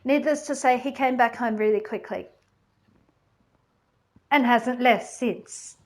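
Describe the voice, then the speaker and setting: A woman's voice: on the high side, takes it slowly. A woman playing a flippant, gossipy goddess queen of the underworld in a chatty comic monologue full of "like" and "you know".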